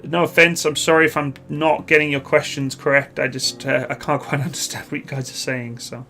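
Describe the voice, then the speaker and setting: A Canadian man, likely in his thirties, hosting a live stream, reading viewer questions and answering in a relaxed, rambling way with many pauses. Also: on the high side, soft background music. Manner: relaxed, chatty, hesitant with many uhs.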